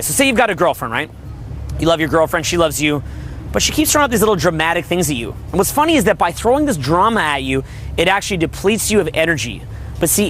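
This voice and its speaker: Crude fast-talking guy coaching on dating, high voice, a bit of street noise behind. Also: a bit bright. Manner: brash, crude, riffing, mimics voices. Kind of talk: motivational monologue.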